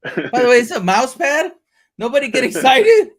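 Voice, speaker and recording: A man's voice: extremely high pitch, normal speed. A man hosting a live-stream chat, talking in a loose, profane, joking way and laughing often. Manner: animated, profane, laughing banter. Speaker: host of a livestream chat. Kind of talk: casual chat.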